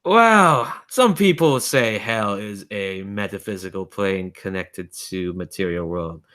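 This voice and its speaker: A man's voice: lowish voice, expressive, measured pace, fairly bright tone. A man voicing a bored, mocking dimensional being. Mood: amused.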